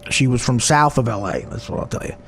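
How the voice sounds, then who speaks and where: Jersey guy comedian rambling thru a story, real gravelly voice, swoops up and down a lot, swears plenty. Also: mid-range voice, animated, fast, slight background noise. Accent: New Jersey. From New Jersey. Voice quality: profane, rambling, self-mocking. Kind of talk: personal storytelling.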